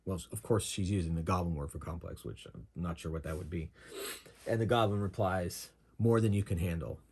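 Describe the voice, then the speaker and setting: A man's voice: deep voice, a little fast, husky. A man narrating a solo tabletop game as game master, in a casual manner that thinks aloud.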